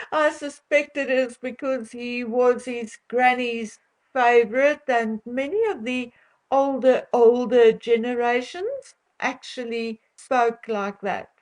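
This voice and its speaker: A woman's voice: fairly high pitch, slow, poor audio. An older South African woman chatting casually to her viewers, opinionated and chatty, often laughing between remarks. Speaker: vlogger.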